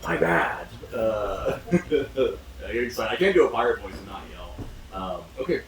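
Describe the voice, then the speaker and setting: A man's voice: lowish voice, lively intonation, a little slow. A man running a tabletop game as game master, talking casually, swearing and laughing often. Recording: roomy echo, distant mic, faint noise.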